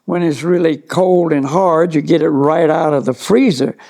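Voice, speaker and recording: Gravelly man telling a rambling story. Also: fairly high pitch, moderate pace, a little mellow. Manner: rambling, anecdotal, many "you know" asides. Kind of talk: relaxed storytelling talk.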